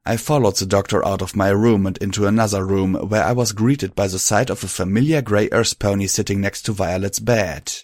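A man reading fan fiction aloud as an audiobook narrator in a steady storytelling manner. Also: fairly low pitch, a little fast, hardly any pauses, no echo, clean studio sound.

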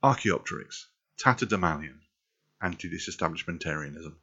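A man with a low, deep voice and a well-spoken southern English accent, originally from North London. He talks casually to camera, running through a word list with a wry, dry humour. The recording sounds a little muffled and lo-fi. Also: moderate pace, long pauses, bright, forceful tone. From North London, England. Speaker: vlogger doing an accent tag.

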